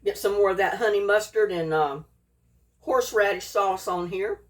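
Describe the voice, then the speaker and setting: A woman's voice: mid-range voice, normal speed, recorded from a distance. A woman, chatting folksily in a home cooking vlog and tasting her food as she talks. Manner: folksy, chatty, eats while talking.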